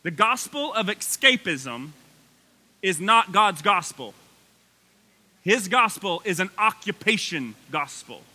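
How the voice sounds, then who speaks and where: Taking his time, a male pastor delivers a spirited sermon with slow pacing. His pitch climbs high in excited moments, and he tosses off casual remarks to the congregation.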